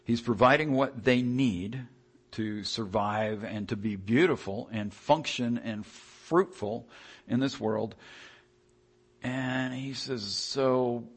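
A man preaching a sermon in a conversational, animated way, often restarting his sentences. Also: medium pitch, slow pace, slightly rough.

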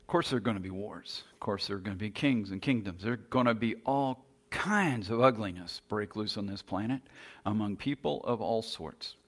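A man preaching a sermon in an earnest, emphatic way, moving between quiet passages and loud, raised points. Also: fairly low pitch, normal speed.

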